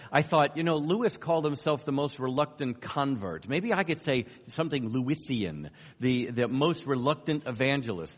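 A middle-aged man from New York with a light American accent, giving a conference talk with dry, self-deprecating humor and halting restarts. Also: mid-range voice, animated, slightly rough. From New York, USA. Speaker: guest speaker on evangelism. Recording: long hall reverb.

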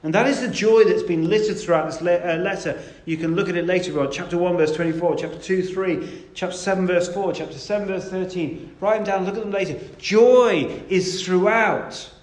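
A man's voice: high voice, fairly quick, reverberant. A man preaching a sermon in a conversational, emphatic way, stressing key words.

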